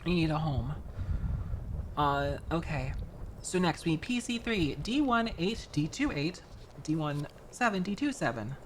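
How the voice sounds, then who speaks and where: A young woman from Florida chats on her livestream while assembling a model kit at home. Her talk is animated and full of laughs and restarts. Her voice sits a bit low yet swings widely in pitch, over a faint background hiss. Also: unhurried. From Florida, United States. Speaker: streamer.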